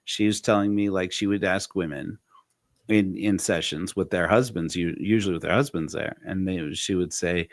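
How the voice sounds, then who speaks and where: A man's voice: low-pitched, normal speed, dry recording, clean studio sound. A man hosting a podcast, telling a story in casual conversation with lots of fillers and restarts. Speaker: podcast host.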